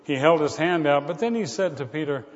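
A man preaching a sermon as pastor, dropping to hushed tones and rising to loud calls. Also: a little high, expressive, a little fast. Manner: dramatic shifts from hushed to loud. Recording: muffled sound with long hall reverb.

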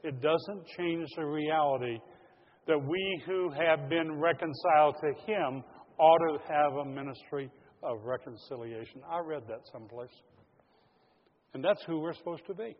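A pastor with a slightly high voice preaches to his congregation at a moderate pace, earnest and direct, addressing them as folks. The lo-fi recording was made in a large, echoing hall.

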